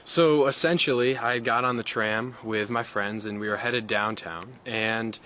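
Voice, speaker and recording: A young American man giving an earnest, measured account of an attack he witnessed. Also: mid-range voice, sharp tone, a little hiss or hum. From United States. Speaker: interviewee describing an attack. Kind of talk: recounted eyewitness account.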